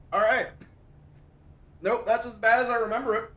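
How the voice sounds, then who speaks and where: During a live game stream, a male streamer is suffering from hot sauce, his mouth burning and eyes watering. He groans, yelps and repeats himself, speaking at a normal speed in a very high, slightly bright voice with a flat delivery.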